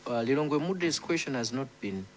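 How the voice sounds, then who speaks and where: Hesitant committee member objecting. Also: male voice, medium pitch, lively intonation, normal speed, a little hiss or hum. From Malawi.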